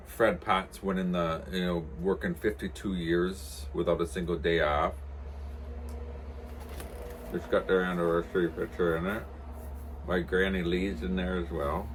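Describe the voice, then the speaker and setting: A man's voice: sits low, fairly even intonation, unhurried, long pauses, slight background noise. A man chatting casually on his vlog, telling a rambling story with chuckles. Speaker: vlogger.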